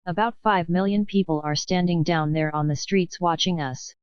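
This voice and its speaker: A nervous male fire chief yells warnings and grumbles grimly, voiced by a woman. The voice is low and smooth. The sound is dry and dull. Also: normal speed, no room sound, close to an everyday voice. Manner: yelling, nervous.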